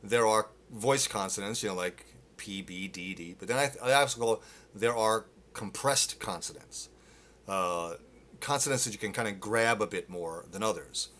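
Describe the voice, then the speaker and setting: A man teaching singing live, explaining technique with restarts and breaking into loud sung demonstrations. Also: lowish voice, moderate pace. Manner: demonstrates with loud sung grunts and vocal exercises. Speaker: vocal coach. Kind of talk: live-streamed singing lesson. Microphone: phone.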